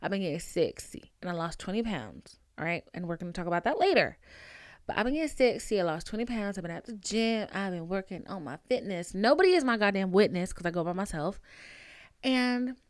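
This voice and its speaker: A young woman hosts a podcast and tells a story from her own life in a brash, profane, dramatic way. Her voice is smooth and clear, with sudden swings in pitch and loudness. The sound is dry and close to the mic. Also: very animated, a little fast, no room sound. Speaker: podcast host. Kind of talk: casual storytelling monologue.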